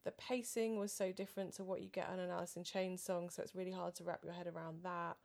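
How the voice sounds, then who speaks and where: A woman with a slightly low voice co-hosts a podcast, chatting casually into a studio mic. She muses and rambles, letting her sentences trail off quietly. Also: little pitch movement, fast, vocal fry. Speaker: podcast co-host. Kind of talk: casual chat. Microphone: studio microphone.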